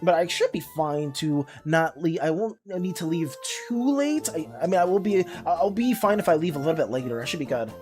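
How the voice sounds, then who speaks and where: A woman streamer chatting casually with her viewers. She often trips over her words and is quick to apologize. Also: sits low, very animated, darkish tone, soft background music. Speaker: art streamer.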